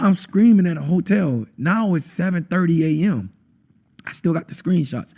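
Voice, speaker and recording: A man, a podcast guest telling an intense personal testimony and acting out quotes with sudden high bursts. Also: expressive, moderate pace, warm tone. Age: adult, has a wife. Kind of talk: emotional testimony in conversation.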